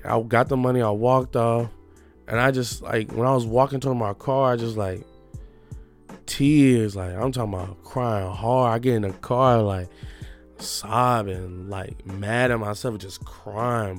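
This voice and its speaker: Halting young man, low voice. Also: a little mellow. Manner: halting, reflective, restarting sentences. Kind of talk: emotional personal confession.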